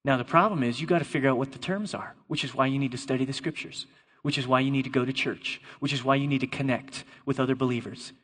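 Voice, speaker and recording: Man preaching, jokey and emphatic, bright sharp voice, echoey big hall. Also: medium pitch, fast. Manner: playful, jokes with volunteers, emphatic. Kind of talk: lively sermon. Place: church hall before a congregation. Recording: long reverb of a large hall.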